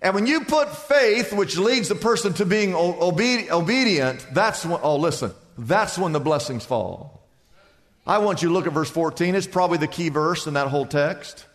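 A man preaching a sermon as pastor, building lists to shouted peaks. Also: sits high, animated, moderate pace, soft background music. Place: large church sanctuary. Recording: church hall reverb.

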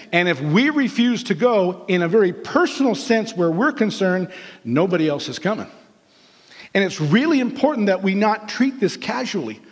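A man's voice: high-pitched, in a large hall. A man preaching a sermon as pastor, earnest and repetitive, telling stories to the congregation.

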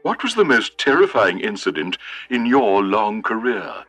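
This is a stiff, formal interview host in a parody sketch, played by a man. His voice is bright and animated. Faint music sits underneath. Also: fairly low pitch, a little slow, heavily acted. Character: male TV interview host in a spoof. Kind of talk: comedy sketch.

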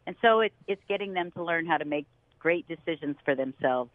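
A middle-aged woman co-hosting a radio interview, telling a family story with animated delivery, acting out quoted voices and laughing often. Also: deep voice, brisk, no echo. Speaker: co-host. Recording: dry tinny phone-like line.

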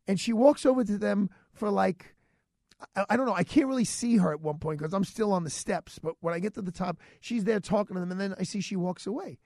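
A man hosting a radio show, telling a story in a chatty, animated way and acting out the dialogue. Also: high voice, fairly quick, gravelly, no echo, clean studio sound. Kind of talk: casual storytelling monologue.

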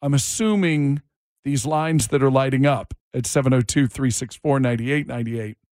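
A man hosting a morning radio talk show, animated and jokey, quick to laugh. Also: medium pitch, no echo, studio quality.

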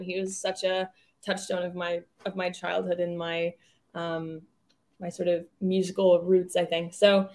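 Young woman, singer, interview guest, enthusiastic, rambling, casual chat. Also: medium pitch.

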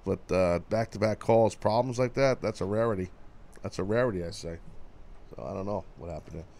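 Gravelly teasing male radio host. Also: fairly low pitch, fairly quick. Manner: loud, teasing, talks over callers. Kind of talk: casual radio banter.

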